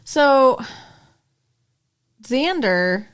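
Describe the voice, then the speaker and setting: Lively, teasing woman co-host. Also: high-pitched, extremely slow, clear, resonant tone. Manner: laughing, teasing, opinionated. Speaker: podcast co-host. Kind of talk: casual chat about a TV show.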